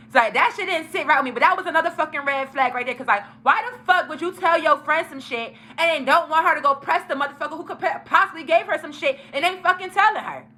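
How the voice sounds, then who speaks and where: A young woman telling a story to her viewers, animated and profane, talking straight to the camera in a casual storytime. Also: high-pitched, fast, hardly any pauses.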